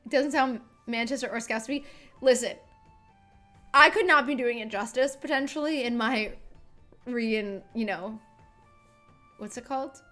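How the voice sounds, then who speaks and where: A woman's voice: a little high, measured pace, pauses often, pushed and bright, faint music behind. A woman streaming, chatting casually and telling a rambling story with lots of self-corrections. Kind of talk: casual livestream chat.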